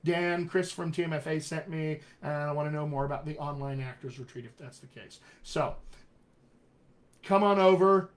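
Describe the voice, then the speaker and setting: A man with a General American accent, a dialect coach giving a chatty, upbeat live-streamed session and spelling out web addresses slowly. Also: fairly high pitch.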